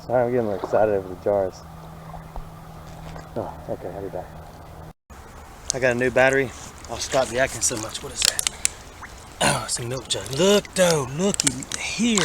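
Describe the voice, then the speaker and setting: Male vlogger, excitable and chatty, mid-pitched, outdoor creek recording with noticeable noise. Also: measured pace, pauses often. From Alabama. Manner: chatty, excitable, talks to himself while searching. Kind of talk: casual outdoor narration.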